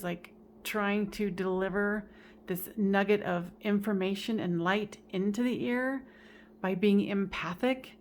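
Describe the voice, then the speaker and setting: A woman giving a general tarot reading in a casual, expressive way, swearing now and then and laughing at herself. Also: medium pitch, slight background noise. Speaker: tarot reader.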